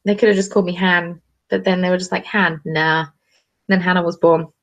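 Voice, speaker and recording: A young woman hosting a live craft stream, chatting in a bubbly, excitable way. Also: on the low side, quick pace, muffled recording. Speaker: craft channel host. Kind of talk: casual live-stream chat.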